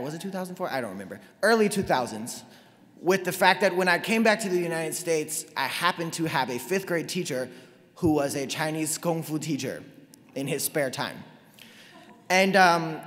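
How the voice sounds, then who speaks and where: A man in his twenties, from North Carolina, tells his own story to an audience with a bright, slightly higher voice. He is lively and pokes fun at himself. His voice rings out with long reverb, as in a large hall. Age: 20s. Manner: lively, self-deprecating, quick to laugh. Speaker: speaker giving a talk.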